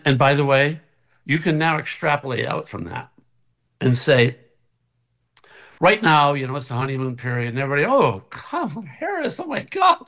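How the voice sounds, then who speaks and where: An older man, a guest on a video call from his kitchen, telling an animated story and acting out both sides of the conversation. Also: mid-range voice. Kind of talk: casual storytelling. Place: kitchen at home.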